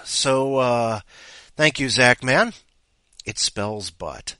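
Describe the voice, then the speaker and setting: A man's voice: medium pitch, expressive, drawn-out words, pauses often, sharp tone, clean tone, no echo. A man hosting a comedic podcast, rambling and self-mocking as he reads listener stories. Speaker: podcast host. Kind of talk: comedic podcast chat and story reading.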